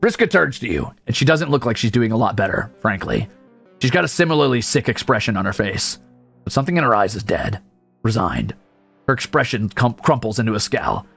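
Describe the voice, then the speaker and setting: Gravelly, husky male streamer reading aloud. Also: fairly low pitch, expressive, fairly quick, a bit bright, faint music behind. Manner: sarcastic, profane asides. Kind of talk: game read-through with commentary.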